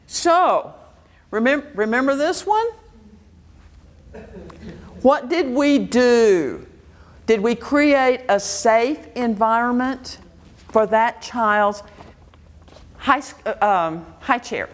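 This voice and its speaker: A woman educator teaches a live workshop, asking her audience question after question. Her delivery is slow and deliberate, yet her pitch rises and falls in a lively way. She speaks to a room full of listeners. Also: a little hiss or hum. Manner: quizzes the audience with rapid questions. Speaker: Montessori educator giving a workshop talk. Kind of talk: interactive workshop lecture. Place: lecture room before an audience.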